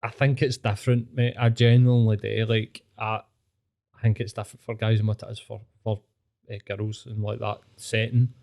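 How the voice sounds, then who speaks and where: Blunt Glaswegian man, mellow voice. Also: on the low side, flat delivery, normal speed, gravelly. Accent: Scottish, Glaswegian. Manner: blunt, laughing, sweary. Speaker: podcast co-host. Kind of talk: casual chat.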